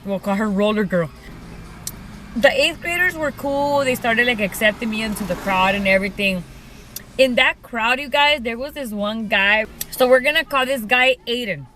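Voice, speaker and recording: A woman's voice: a little high, moderate pace, a bit bright, a little hiss or hum, low-quality recording. A young woman casually telling a personal story to her viewers, chatty and full of "like" and "you guys". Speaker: vlogger.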